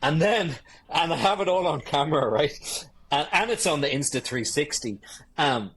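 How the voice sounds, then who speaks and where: A man's voice: a little high, moderate pace, slightly rough. A man, a guest photographer telling swear-laced wedding stories in a casual interview. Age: 50s. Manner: swearing, animated anecdotes.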